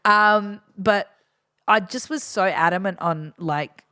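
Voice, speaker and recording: A woman in her forties, a DJ, chatting casually on a podcast and telling animated stories full of swearing. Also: medium pitch, takes it slowly, no echo, studio quality. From Australia. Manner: animated storyteller, swears freely, acts out voices in anecdotes. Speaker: DJ guest.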